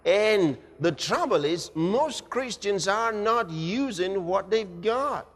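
A man preaching a sermon dramatically, swinging from shouts to quiet and acting out scenes. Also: high-pitched, lively intonation, slow. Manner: dramatic, shouting at peaks then dropping quiet, acts out scenes. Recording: echoey hall.

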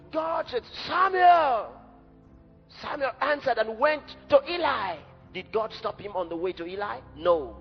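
A man preaching a sermon in an emphatic, dramatic way. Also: high-pitched. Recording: dull echoey hall recording with faint music.

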